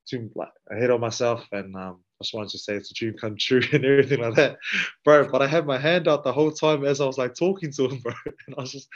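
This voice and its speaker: A man with a New Zealand accent, a rugby player and podcast guest telling stories in a relaxed, slangy way that acts out the dialogue. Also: medium pitch. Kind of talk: casual storytelling. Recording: dull lo-fi sound.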